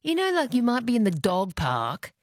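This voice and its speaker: An Australian woman hosting an evening radio interview, asking questions in a lively, expressive way. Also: fairly high pitch, normal speed, no echo. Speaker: radio host. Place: radio studio.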